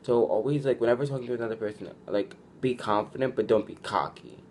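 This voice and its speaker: This young vlogger's voice is mid-range and a bit mellow, and he speaks at a quick pace. Chatting with viewers, he gives advice in a loose style packed with "like," restarted sentences, and performed quotations, over a light hiss or hum.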